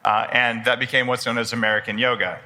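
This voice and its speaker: A man's voice: mid-range voice, level tone, fast, pushed and bright. A man in his forties speaking before a live audience at a personal development expo, casual and enthusiastic, joking with the crowd. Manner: enthusiastic, conversational, jokes with the audience. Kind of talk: live conference talk.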